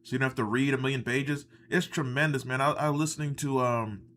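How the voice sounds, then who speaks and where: A man's voice: mid-range voice, fairly even intonation, quick pace, fairly bright tone, a little hiss or hum. Sarcastic ranting man on a live stream. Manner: ranting, sarcastic, swears often, rambling asides. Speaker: livestream host reacting to wrestling. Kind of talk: casual live reaction commentary.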